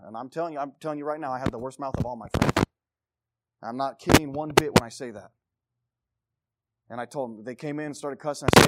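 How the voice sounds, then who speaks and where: A man preaching a sermon with passion, swinging from loud exhortation to low intensity and repeating phrases for emphasis. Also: fast, pauses often, heavy background noise.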